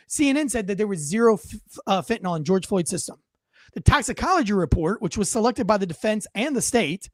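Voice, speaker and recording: A man's voice: high-pitched, no room sound, studio quality. A man hosting a podcast, giving heated commentary with emphatic, repeating phrasing. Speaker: podcast host.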